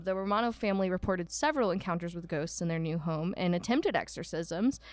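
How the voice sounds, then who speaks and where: A woman's voice: mid-range voice, dry recording. A woman co-hosting a podcast, casually telling a haunted house history with lots of "um"s and self-corrections, with an Ohio accent. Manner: rambling, filler-heavy, self-correcting. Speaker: podcast co-host. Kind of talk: casual storytelling chat.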